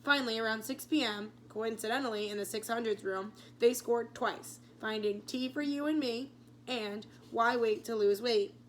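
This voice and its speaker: A woman teacher reading chapters of a novel aloud, telling the story clearly with small slips. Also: on the high side, normal speed, slight background noise.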